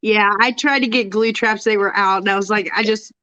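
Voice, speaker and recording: A woman's voice: mid-range voice, steady tone, fairly quick, pushed and bright, no room sound, poor audio. Congested chatty woman host. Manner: chatty, laughs often, reads viewer comments aloud. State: congested and tired from illness. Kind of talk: casual chat.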